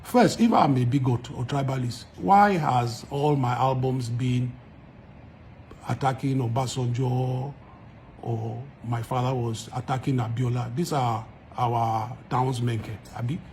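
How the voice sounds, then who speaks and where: A man's voice: mid-range voice, steady tone, unhurried, a little mellow, a little hiss or hum. A man with a Nigerian accent, a musician speaking straight to his followers in an emphatic, argumentative way, repeating points for force. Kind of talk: direct-to-camera address to followers.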